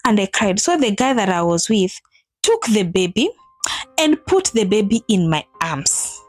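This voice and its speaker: A woman in her thirties tells a personal vlog story in an animated way, acting out what people said with big jumps in her voice. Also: measured pace, soft background music. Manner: animated, acts out quotes with big pitch jumps. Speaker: vlogger telling a personal story. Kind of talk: emotional storytelling to camera.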